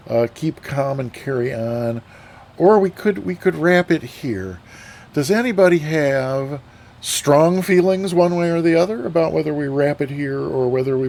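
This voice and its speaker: A man's voice: medium pitch, darkish tone. A man streaming a flight sim, chatting casually with viewers, rambling with fillers and restarts. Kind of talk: casual live-stream chat.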